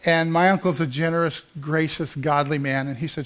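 A man's voice: a little high, fairly even intonation, moderate pace, a bit bright. A man in his fifties preaching a sermon, telling a personal story in an earnest, conversational way with frequent restarts.

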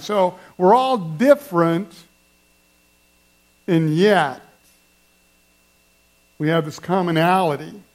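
A man with a fairly high voice delivers a sermon. He is conversational and playful, asking his listeners questions and getting them to join in. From German family background. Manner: conversational, playful, addresses the congregation directly. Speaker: pastor.

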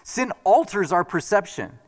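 A man telling a personal story in a sermon, earnest and animated with frequent restarts. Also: high voice, normal speed. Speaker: preacher. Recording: reverberant hall.

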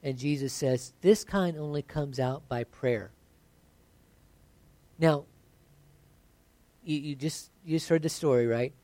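A man's voice: fairly high pitch, takes it slowly, long pauses, mellow, no room sound. Man preaching a sermon, dry sound. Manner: conversational preaching, builds to emphatic. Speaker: pastor.

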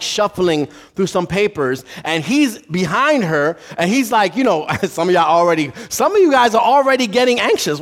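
Male pastor, higher-pitched, animated sermon delivery with acted-out story voices. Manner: animated, acts out voices in a story, laughs at own jokes.

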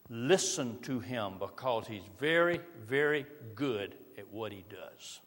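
A middle-aged man preaching a sermon, reading scripture and dropping to soft, slow emphasis on key lines. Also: mid-range voice, big pitch swings. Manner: varies loudness widely, drops to soft slow emphasis. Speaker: pastor. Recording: long reverb of a large hall.

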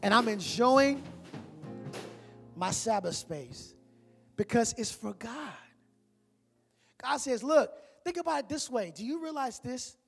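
A male pastor delivers a lively sermon in casual, playful speech. He swings between soft, hushed asides and loud, excited bursts. His voice rings with the long reverb of a large hall. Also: extremely high pitch, takes it slowly, creaky, pauses often, husky, soft background music. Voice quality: animated, sweeping from loud shouts to hushed asides, playful colloquial preaching.

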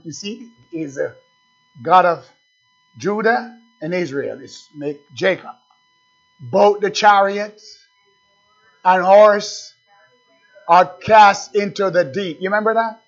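A man preaching a sermon, emphatic, stretching words slowly to stress the scripture. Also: sits high. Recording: dull lo-fi recording.

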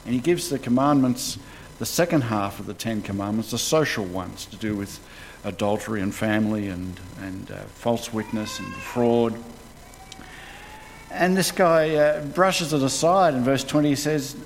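A man preaches in a casual, storytelling way and uses plain, colloquial phrases as he walks through a scripture passage. His voice sits at a middling pitch. It carries a long hall reverb with a faint hiss of background noise. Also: normal speed, gravelly. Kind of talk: conversational sermon.

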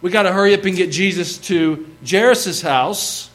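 A man with a lilt delivers a sermon in a folksy, lively way. His voice sits a little high for a man, and he slips into playful acted-out asides as he preaches. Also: normal speed, faint music behind. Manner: folksy, animated, acts out bits of the story.

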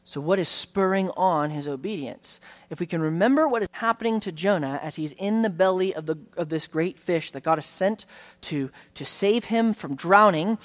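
A pastor giving an earnest, conversational sermon in a church, often restarting phrases and slowing down on key words. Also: male voice, high voice. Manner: earnest, conversational preaching with frequent restarts and slowed emphasis.

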